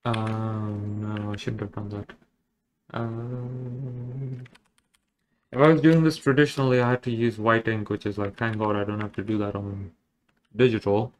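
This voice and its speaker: A man's voice: fairly low pitch, level tone, a little slow, slight background noise. Rambling self-mocking man drawing. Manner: rambling, joking and self-deprecating. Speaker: digital artist. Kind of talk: casual commentary while drawing.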